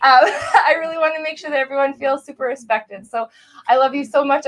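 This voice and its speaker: A woman's voice: high voice, fairly quick, a bit bright. A woman hosting a live art auction, bubbly and apologetic, laughing often as she calls the bids. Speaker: auctioneer and event host. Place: live art event before an audience.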